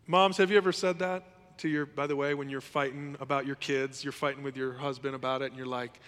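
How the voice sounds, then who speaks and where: A man preaching a sermon in a lively, conversational way, often acting out what others say. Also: a little high, brisk, big-room sound. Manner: animated, conversational preaching, acts out quotes. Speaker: pastor.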